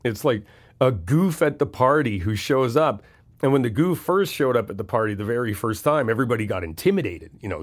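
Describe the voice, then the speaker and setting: A man's voice: mid-range voice, animated, brisk. A man in a comfort audio role-play, talking as a best friend who gives casual, frank reassurance and swears freely.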